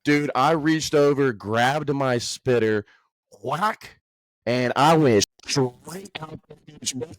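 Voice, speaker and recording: A man's voice: medium pitch, slow pace, few pauses, no echo. A man telling rambling stories in casual chat among friends, full of "bro" and "dude". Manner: rambling storyteller, peppers talk with "bro" and "dude".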